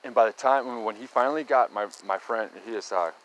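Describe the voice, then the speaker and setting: A man's voice: mid-range voice, fast talker, dull audio. A middle-aged man casually telling a rambling story, often restarting and tagging lines with "right?" and "okay?". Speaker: storyteller recounting local sightings.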